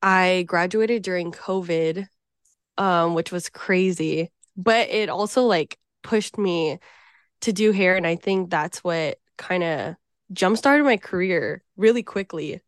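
A woman in her twenties from Hawaii, a podcast guest who is ill and a bit wheezy, talking nervously with many pauses. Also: on the low side, no room sound, studio quality. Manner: nervous and hesitant, many ums. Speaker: guest, traveling hairstylist. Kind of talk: casual podcast chat.

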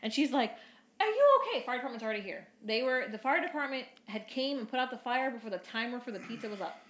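A woman's voice: on the high side, fast, fairly bright tone. A woman in her twenties telling a story in casual chat, rambling with lots of fillers and the odd swear word. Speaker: podcast co-host. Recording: roomy echo.

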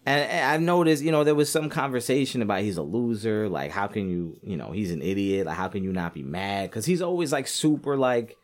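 A man giving a casual, animated commentary on boxing, rambling with lots of fillers and acting out quotes. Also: lowish voice, a little fast, few pauses. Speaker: sports commentator.

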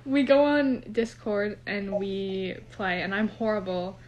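A woman's voice: medium pitch, slow pace. A young woman co-hosting a casual podcast, chatty and rambling, recorded without a proper microphone. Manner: chatty, rambling, laughs often. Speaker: podcast co-host. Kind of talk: casual chat. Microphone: no microphone, phone or computer.

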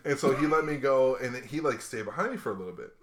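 A man's voice: medium pitch, lively intonation, fast, a little hiss or hum. A young man in his twenties, a podcast host, telling a story in casual chat, sarcastic and often laughing as he acts out what others said.

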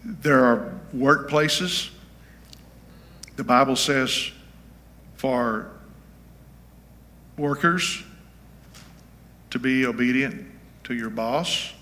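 A man's voice: mid-range voice, very slow, long pauses, sharp tone. A man in his seventies, a pastor giving an informal, folksy teaching sermon and often checking in with his listeners. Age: 70s. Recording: reverberant hall.

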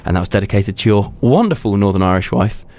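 A man's voice: fairly low pitch, animated, fast, darkish tone. A man hosting a podcast in casual chat, chatty and self-deprecating, with frequent ums. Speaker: podcast host.

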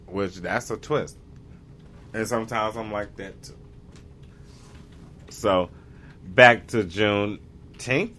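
Bright-voiced rambling man. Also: lowish voice. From United States. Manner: rambling, gropes for words with many restarts. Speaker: vlogger. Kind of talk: casual monologue.

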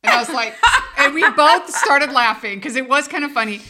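A woman's voice: sits high, moderate pace, pushed and bright. A woman, co-hosting a podcast and telling a rambling story with lots of laughter. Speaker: podcast co-host. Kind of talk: casual storytelling chat.

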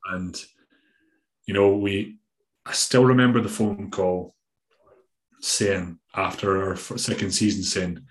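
A man's voice: low-pitched, steady tone, takes it slowly, long pauses, reverberant. A Scottish man, a bodybuilding coach, talking in a rambling, emphatic way in a casual podcast interview, now and then swearing. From Scotland.

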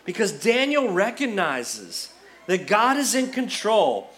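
A man preaching a sermon as pastor, retelling a story with lively acted-out dialogue. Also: high-pitched, slow. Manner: animated storyteller, acts out quoted characters.

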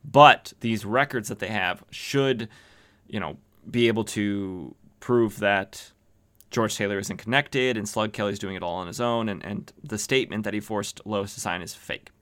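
A man's voice: fairly low pitch, moderate pace, a bit bright, clean tone. A man hosting a podcast, casually recapping an old comic with rambling, joking asides and lots of fillers. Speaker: podcast host.

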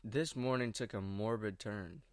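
A young vlogger speaks into a desk mic at a mixing board from his home couch, his musings rambling, slangy and anxious. His pitch is fairly low and his pace measured, with no room sound in the recording.

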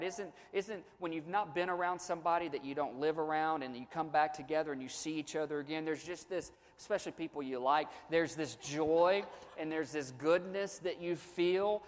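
A man preaching in an earnest, repetitive way, circling back over his words as he explains a passage. His voice sits a little high for a man. A long reverb trails behind him, as in a large hall. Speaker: pastor. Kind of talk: sermon.

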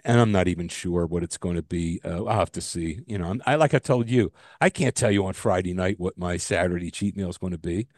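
A man's voice: low voice, a little fast, hardly any pauses, a little mellow, no room sound, studio quality. A middle-aged man co-hosting a casual podcast, telling stories and jokes in a loose, joking way with the odd swear. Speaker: podcast co-host. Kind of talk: casual chat.

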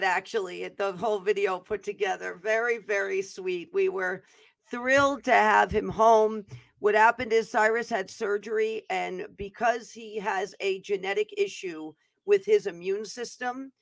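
A woman hosting a prophetic teaching show prays earnestly, then chats loosely with fillers as a casual update before the teaching. Her medium-pitched voice is a little slow and creaky, with no echo.

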